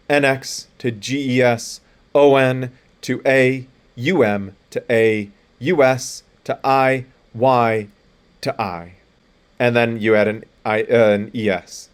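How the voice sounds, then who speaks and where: A man's voice: medium pitch, fairly even intonation, slow pace, clear, resonant tone. A man, a college lecturer giving a recorded lecture, explaining plainly and spelling out letters, with frequent fillers and restarts.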